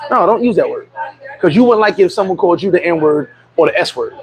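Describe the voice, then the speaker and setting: A man's voice: high-pitched, lively intonation, a little fast, noisy background. A man hosting a casual livestream chat, telling blunt, profane stories. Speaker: livestream host.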